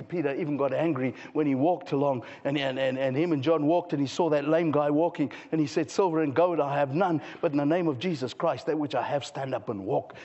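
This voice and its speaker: Man, preacher, sermon, loud then hushed, fairly high voice, muffled sound, long hall reverb. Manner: dramatic swings from loud exclaiming to hushed intensity.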